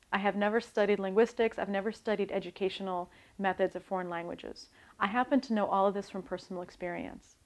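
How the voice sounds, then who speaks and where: A woman, an author, giving a calm, scripted talk on learning languages and demonstrating pronunciation. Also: mid-range voice.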